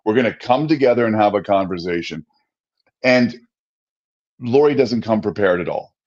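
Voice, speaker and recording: A man co-hosting a podcast, telling a story about himself in a lively, self-mocking way. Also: lowish voice, normal speed, muffled recording. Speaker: podcast co-host. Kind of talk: casual podcast conversation.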